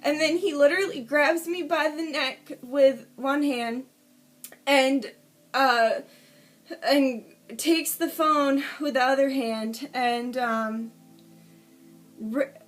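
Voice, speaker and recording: A woman's voice: high voice, fairly even intonation, slow, soft background music. A woman telling a personal story in a casual vlog, candid and emotional, swearing freely as she gives a play-by-play. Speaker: vlogger.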